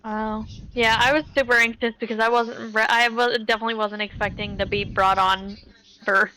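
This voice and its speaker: A woman's voice: fairly high pitch, flat delivery, normal speed, bright, forceful tone, low-quality recording. A young woman chatting candidly with fellow tabletop game players, mocking herself. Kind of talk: casual chat between players.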